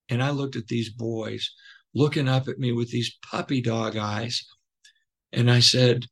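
A man recounts a personal story as a podcast guest, speaking slowly at a middle pitch. He is earnest and emotional, often pausing and restarting with fillers. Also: steady tone, slightly rough. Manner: halting, with many fillers and restarts.

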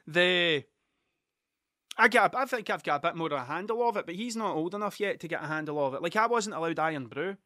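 Here a Scottish man in his thirties, a vlogger, spins a casual, wandering tale, cursing freely and breaking into his own sentences. He speaks in a high, animated voice at a fairly quick clip, and his tone is sharp. The studio sound is clean, with no echo.

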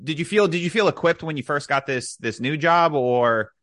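A woman hosting a podcast interview, asking halting questions with frequent restarts. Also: deep voice, lively intonation, fairly bright tone, no room sound, clean studio sound. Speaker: podcast host. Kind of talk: casual interview.

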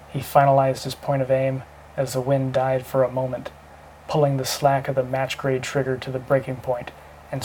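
A man reading an action novel aloud as a steady audiobook narrator. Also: mid-range voice, a little hiss or hum, poor audio.

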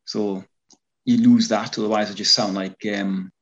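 On dull lo-fi audio, a fan film actor from North East England speaks in a lowish, fairly even voice at a moderate pace, his regional accent clear. Being interviewed as a guest, he rambles casually, often saying um and starting over.

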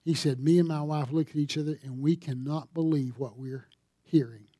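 A pastor preaching a sermon, telling a story and building to emphatic appeals. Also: male voice, a little high, fairly even intonation, moderate pace, dark tone, no echo, studio quality.

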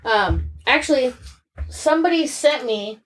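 A woman's voice: high voice, lively intonation, measured pace, faint music behind. A woman in her thirties talking candidly in a casual chat, rambling and swearing freely.

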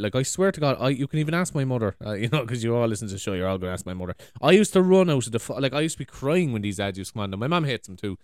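A man's voice: medium pitch, smooth, dry recording, studio quality. An Irish man hosting a show, chatting casually in a rambling, sweary way and laughing easily. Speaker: podcast host. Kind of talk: casual chat.

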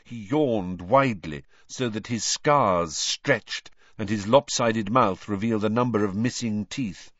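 Man reading a storybook aloud, low voice, lots of lilt, kinda muffled dead audio. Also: measured pace, hardly any pauses, dry recording. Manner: expressive storytelling. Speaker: audiobook reader. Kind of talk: scripted narration.

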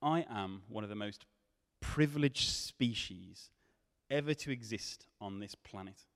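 A man preaching a sermon, swinging from loud questions to hushed tones. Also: fairly low pitch, unhurried. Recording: long hall reverb.

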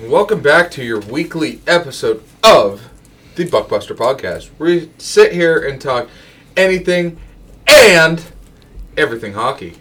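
A man's voice: on the high side, sing-song, unhurried, fairly bright tone, breathy edge, distant mic. A man in his twenties hosting a casual podcast, joking and a little drunk. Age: 20s. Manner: loose, joking, slightly tipsy banter. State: slightly drunk. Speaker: podcast host. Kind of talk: casual chat.

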